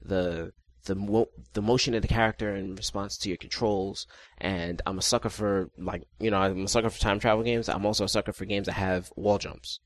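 A man with a very low voice talks through his favorite games in a relaxed, rambling way. He pokes fun at himself and swears casually. The recording is dry and close. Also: brisk, hardly any pauses, dry recording. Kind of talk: casual gaming chat.

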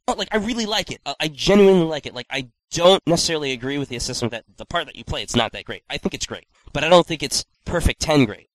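A man casually chatting on an online podcast, animated, swearing freely and acting out quotes. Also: on the high side, quick pace, hardly any pauses, dry recording, poor audio. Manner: animated, swearing, acts out quotes in exaggerated voices. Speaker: podcast co-host. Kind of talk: casual chat.

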